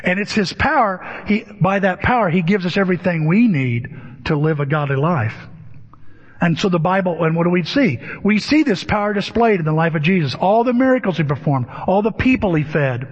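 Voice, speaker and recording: High-voiced male preacher in a reverberant hall. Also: lively intonation, a little fast, breathy edge. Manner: emphatic preaching with rhetorical questions. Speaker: pastor. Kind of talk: sermon. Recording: dull lo-fi with long hall reverb.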